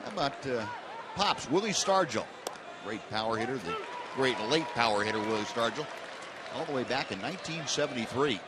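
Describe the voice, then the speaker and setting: A male baseball play-by-play announcer calling the game in a relaxed, conversational way with frequent fillers, over stadium crowd noise. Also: medium pitch, a little fast. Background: ballpark crowd.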